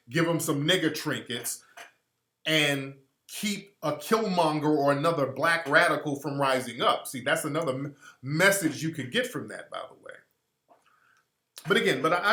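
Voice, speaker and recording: Man, radio host, bright pushy voice, echoey room. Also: on the high side. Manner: blunt, profane and animated, mimics others in quoted voices. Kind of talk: opinionated radio commentary.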